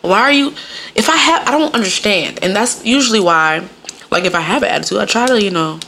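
A woman telling frank, profane stories in casual chat, full of fillers and sudden jumps in pitch. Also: animated, fairly quick, a bit bright, slight background noise. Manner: frank and profane, many fillers like "like" and "you know". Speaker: podcast guest or co-host.

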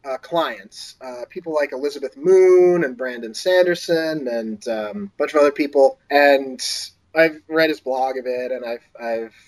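A man's voice: measured pace, few pauses, poor audio. A man, an author guest on an interview podcast, telling a story casually and acting out other people's lines in a lifted voice. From Boston area. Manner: animated, acts out quoted voices in a higher pitch.

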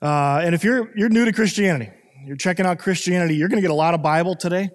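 Slightly high-voiced guy preaching, earnest, lots of uhs, big echoey church hall. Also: quick pace. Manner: earnest, with frequent fillers and restarts. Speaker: pastor. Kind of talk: sermon. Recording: long reverb of a hall.

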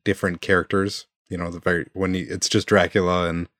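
A man co-hosting a casual podcast chat, laid-back and quick to laugh. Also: sits low, little pitch movement, fairly bright tone, no echo. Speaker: podcast co-host.

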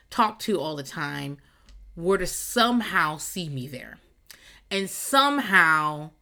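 Solo podcast host, woman, bright tone, rambling and profane, quick to laugh. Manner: rambling, profane, laughs often, jumps to squealing high voices for quotes. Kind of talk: casual solo podcast rant. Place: garage.

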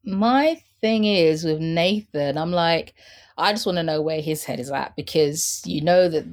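A woman's voice: low voice, unhurried. A woman talking casually as a podcast guest and fashion insider, chatty, with frequent laughter and fillers. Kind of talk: casual chat about a TV show.

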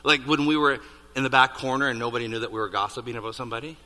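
A man preaching a sermon, building to loud peaks on key points and dropping to hushed asides. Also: medium pitch, racing. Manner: animated, rising to near-shouts on emphasis, dropping to hushed asides. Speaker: pastor. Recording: reverberant hall.

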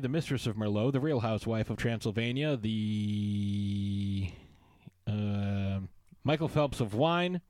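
A man's voice: mid-range voice, darkish tone, dry recording. A man hosting a podcast in casual chat, joking and going off on playful tangents. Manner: playful, riffing, jokey tangents. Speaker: podcast host.

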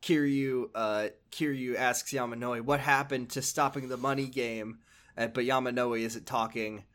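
A man's voice: mid-range voice, steady tone, moderate pace, fairly bright tone. A man recapping a video game on a podcast. He rambles and swears, and his talk is full of hesitations and restarts. His voice sits in an ordinary middle register.

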